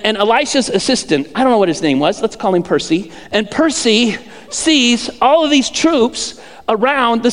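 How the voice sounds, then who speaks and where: A man's voice: high-pitched, a bit bright. A man preaching a sermon as pastor, conversational and humorous, often repeating himself. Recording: echoey hall.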